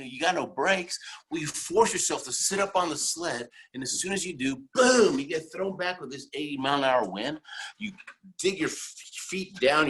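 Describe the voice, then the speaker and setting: A middle-aged man delivering a motivational keynote in a husky, slightly raspy voice. He tells his stories with animated energy and keeps checking in with the audience with "right?" and "okay?". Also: on the high side. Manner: animated storytelling, tags lines with "right?" and "okay?". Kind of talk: motivational speech.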